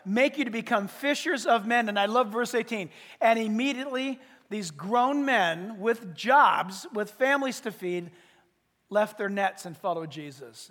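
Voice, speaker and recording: A male pastor preaching a sermon, emphatic, often pausing to say "listen" to press his points. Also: high voice, a bit bright. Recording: reverberant hall.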